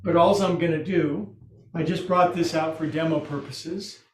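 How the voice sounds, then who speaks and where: In an echoey home room furnished with a couch and recliner, a man teaches restorative yoga, keeping things chatty and joking at his own expense. He speaks at a moderate pace with a fairly high, fairly even voice, and there's a little hiss or hum.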